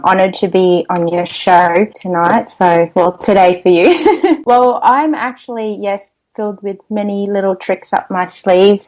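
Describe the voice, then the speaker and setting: Australian woman guest, upbeat and giggly, mid-range voice, relaxed interview chat. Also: mid-range voice, poor audio. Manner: cheerful, laughs often, restarts sentences. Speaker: podcast guest.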